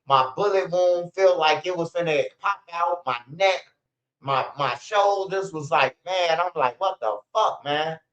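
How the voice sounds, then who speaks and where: Guy in his 40s rambling and cussing on a stream, kinda high voice, roomy dull sound. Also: unhurried, fairly bright tone. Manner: rambling, profane, laughing, with many restarts. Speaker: channel host. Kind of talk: casual livestream storytelling.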